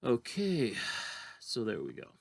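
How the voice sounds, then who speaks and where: A man's voice: mid-range voice, huge pitch swings, slow pace, creaky, a little mellow, dry recording. A man teaching a drawing lesson, talking casually and thinking aloud as he draws. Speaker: art teacher.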